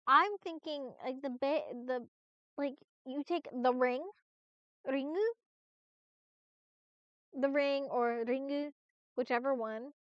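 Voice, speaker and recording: A woman's voice: high voice, steady tone, unhurried, clean tone, no echo. A woman streamer chatting casually on a live stream, rambling with lots of restarts and fillers and the odd swear. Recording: dull, lo-fi, dry stream audio.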